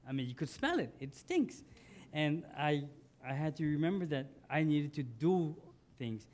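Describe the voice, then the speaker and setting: A man's voice: fairly high pitch, expressive, unhurried. A man preaching a sermon as pastor, conversational, asking his congregation questions and building to emphatic lines.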